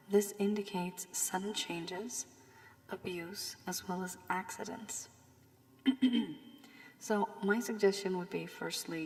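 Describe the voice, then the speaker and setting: A woman giving a rambling tarot reading while recovering from a cold, her voice strained and husky, slipping at times to a whisper. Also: lowish voice, big-room sound. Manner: loose and rambling with many fillers, warning and advising. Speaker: tarot reader. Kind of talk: casual tarot reading monologue.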